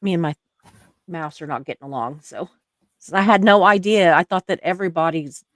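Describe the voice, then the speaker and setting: A woman's voice: fairly low pitch, fairly quick, fairly bright tone, no room sound, studio quality. A woman with an accent hosting a live stream, reading viewer comments aloud and laughing often. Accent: non-native English accent.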